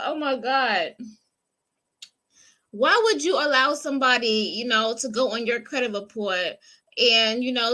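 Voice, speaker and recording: A woman comments on what she just heard, incredulous and emphatic. Her voice is high and bright. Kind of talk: reaction commentary.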